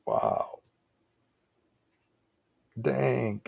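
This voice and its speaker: A man's voice: medium pitch, wildly swooping pitch, drawn-out words, creaky, darkish tone. A man hosting a livestream, giving rambling, casual reaction commentary with frequent exclaimed asides. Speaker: livestream host.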